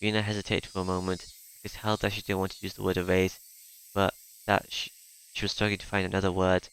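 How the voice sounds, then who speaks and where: A man reading a visual novel aloud in the first person, halting at times with fillers and restarts. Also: sits low, monotone, fairly bright tone, clean tone.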